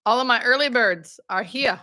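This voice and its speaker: A woman's voice: on the high side, normal speed, bright, forceful tone. A woman in her thirties hosting a casual live Q&A as a hospice nurse, greeting viewers by name with chatty, self-deprecating asides. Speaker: hospice nurse and livestream host.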